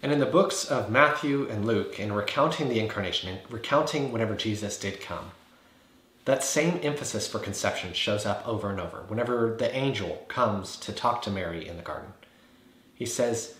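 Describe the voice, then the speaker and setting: A man's voice: lowish voice, expressive, moderate pace, a bit bright. Earnest man teaching in a roomy echo. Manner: earnest, builds points with repeated phrases and rhetorical questions. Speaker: Bible teacher. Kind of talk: explanatory teaching video.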